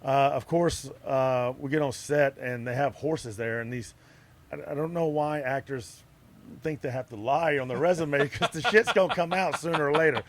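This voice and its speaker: Man, middle-aged, slightly high voice, anecdotal guest who laughs a lot. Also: normal speed. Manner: laughs through his stories, acts out other people's lines. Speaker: interview guest, wrestler and actor. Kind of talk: casual anecdotal storytelling. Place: outdoor music festival grounds.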